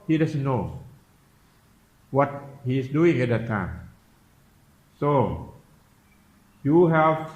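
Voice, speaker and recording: A man giving a Buddhist dharma talk, slowly and repetitively questioning his listeners in simple English. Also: a little high. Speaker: Buddhist meditation teacher. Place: temple teaching hall. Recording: echoey, dull room recording.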